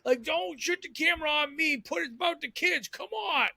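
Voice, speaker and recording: A man voicing a gruff, excitable older football coach who scolds in an exasperated shout. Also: extremely high pitch, moderate pace, dry recording, clean studio sound, voice pushed up, full character voice.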